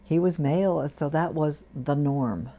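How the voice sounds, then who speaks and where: In a community TV studio interview, an older Episcopal priest recounts stories from her life in a low, gravelly, dark and mellow voice at a moderate pace. Her storytelling is warm and anecdotal, and she slips into lively voices to quote the people she met.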